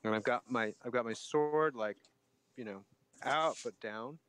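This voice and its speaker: A man playing a tabletop game who speaks casually and hesitantly, often pausing on fillers. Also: mid-range voice, a bit bright, clear, resonant tone, no room sound. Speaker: player.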